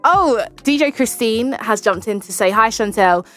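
A woman's voice: fairly high pitch, lively intonation, moderate pace, fairly bright tone, faint music behind. A woman hosting a radio show, upbeat, reading out listener messages and steering the chat. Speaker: radio host.

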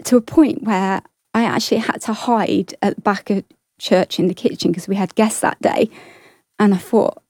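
A woman giving an earnest, halting personal testimony, often restarting her sentences. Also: mid-range voice, fairly even intonation, a little mellow, dry recording, studio quality. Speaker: guest sharing testimony.

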